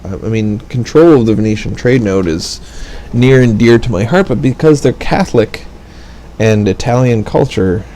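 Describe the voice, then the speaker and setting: A man's voice: mid-range voice, normal speed, warm tone, a little hiss or hum, rough recording. A man giving casual, rambling commentary over a strategy game, with wry asides. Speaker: gaming let's play commentator.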